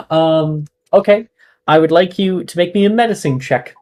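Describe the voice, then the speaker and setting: A game master narrating a tabletop role-playing game in a casual, halting way with many fillers. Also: medium pitch, a little mellow, poor audio.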